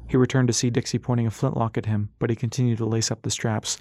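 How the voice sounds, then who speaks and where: A man reading an audiobook in steady, measured scripted narration. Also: lowish voice, dry recording, clean studio sound.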